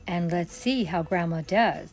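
Older lady chatting thru her decor video, friendly, soft music behind. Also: lowish voice, measured pace. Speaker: home decor creator. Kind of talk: casual decorating vlog.

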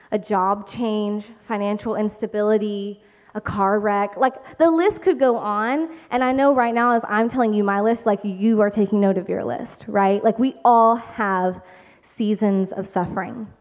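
A young woman preaching a humorous sermon to young adults, chatty and animated, often checking in with "okay?". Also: mid-range voice, measured pace. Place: church hall. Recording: reverberant hall.

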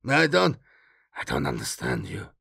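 A man's voice: medium pitch, slow pace, creaky, bright, forceful tone, exaggerated voice. A man voicing a wounded alien envoy, slurring. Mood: pained. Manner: weak, strained muttering.

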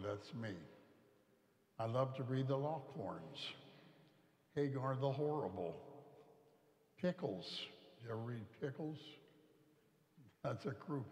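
A man's voice: mid-range voice, darkish tone. A middle-aged male priest, preaching a homily in a folksy, storytelling way. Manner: folksy storytelling, acts out quoted voices. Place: large church. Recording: echoey church from a distance.

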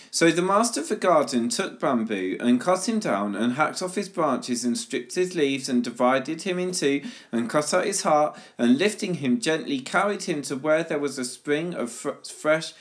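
A man leading prayer time at a church children's service by reading a parable aloud in a measured storytelling manner. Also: mid-range voice, expressive.

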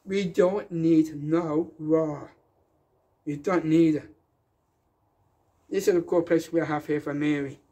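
A man's voice: a little high, fairly even intonation, slow, long pauses, dark tone. Defiant, rambling man. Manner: emphatic, repetitive, defiant. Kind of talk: rambling public rant.

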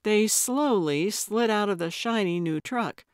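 A woman narrating a cozy mystery audiobook in measured, even storytelling on a close studio mic. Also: medium pitch, clear, resonant tone, no room sound. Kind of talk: scripted narration.

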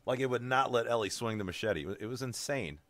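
A male streamer giving casual gameplay commentary, excitable and swearing freely. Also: medium pitch, quick pace, slight background noise.

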